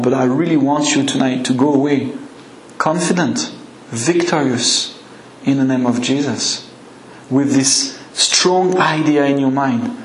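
French-accented male preacher, deliberate and emphatic, roomy reverb, faint ambience. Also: mid-range voice, slight background noise. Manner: earnest, emphatic, slow and deliberate. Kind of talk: sermon.

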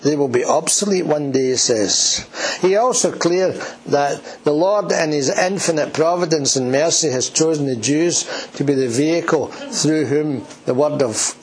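A man's voice: a little high, unhurried, slightly rough, rough recording. A man preaching a sermon in church, earnest and emphatic, who repeats key words and asks his listeners questions.

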